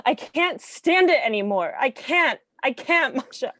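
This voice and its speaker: Een vrouw speelt een wanhopige jonge vrouw. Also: female voice, high voice, animated, a bit bright, dry recording. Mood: despairing. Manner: breaking between sobs and laughter, halting. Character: young woman, twenty-three, weary and despairing. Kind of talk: staged play reading.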